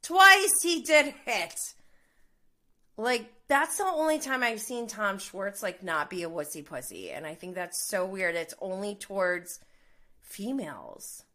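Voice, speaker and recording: A woman's voice: mid-range voice, big pitch swings, a little slow, a bit bright. A woman in her thirties chatting casually about reality TV gossip, full of "like"s, with indignant outbursts. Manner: chatty, many "like"s, laughs between lines. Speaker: reality TV commentator.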